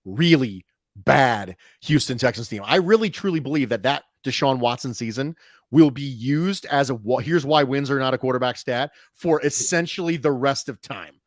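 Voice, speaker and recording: A man hosting a casual sports podcast, talking in an animated way with quick jokey asides. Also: medium pitch, no room sound, clean studio sound. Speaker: show host.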